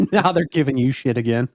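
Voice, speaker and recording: A man co-hosting a podcast, relaxed and hesitant, who also keeps an eye on the live chat. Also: medium pitch, dry recording, studio quality.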